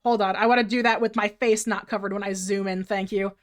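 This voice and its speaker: A woman's voice: medium pitch, fairly even intonation, a little fast. A woman streamer chatting casually on a livestream, self-mocking and swearing freely.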